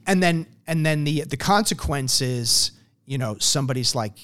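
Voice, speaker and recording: A man's voice: on the high side, a little slow, a bit bright. A man in a conversational interview, explaining his program earnestly, telling stories and acting out quotes along the way. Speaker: program founder.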